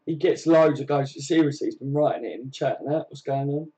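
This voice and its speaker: A man's voice: mid-range voice, fairly quick, mellow, breathy edge. A man hosting a casual livestream from home, reading viewer comments and chatting in a friendly way, calling everyone mate. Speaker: livestream host.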